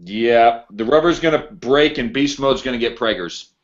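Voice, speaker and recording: A man's voice: medium pitch, normal speed. Man, co-host, joking, casual banter, dull lo-fi recording. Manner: joking, makes wisecracks. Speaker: podcast co-host.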